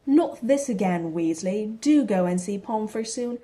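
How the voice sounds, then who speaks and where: A woman's voice: medium pitch, animated, a little slow, dark tone, close to an everyday voice. Woman reader doing a haughty schoolboy rival; condescending drawl. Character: haughty teenage boy rival wizard, snobbish and scornful.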